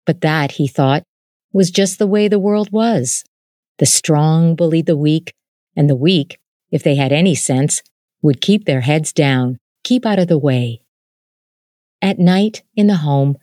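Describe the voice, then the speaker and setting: A woman narrating a short story in a measured, gentle reading voice. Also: low-pitched, no room sound, studio quality.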